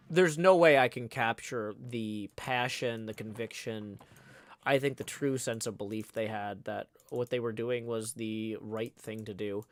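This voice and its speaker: A man hosts a casual livestream from a home room, rambling and irritated, often restarting his sentences. His voice sits at a middle pitch. The recording is dry and close, with no room sound. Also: dry recording. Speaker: livestream host.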